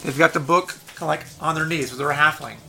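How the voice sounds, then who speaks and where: A man's voice: on the high side, steady tone, fast, vocal fry, sharp tone. A man narrating as game master in a loose, rambling way.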